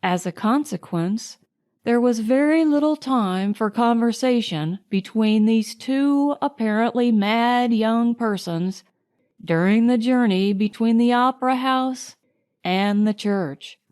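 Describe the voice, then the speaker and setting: A woman narrating an audiobook, reading in a measured, unhurried way. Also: fairly high pitch, a little mellow. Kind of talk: scripted narration.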